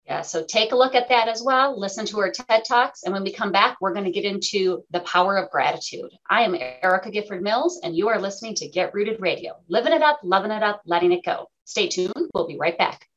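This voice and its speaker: A woman hosting a radio talk show in casual chat, animated and laughing, acting out quotes. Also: medium pitch, brisk, few pauses, dull audio.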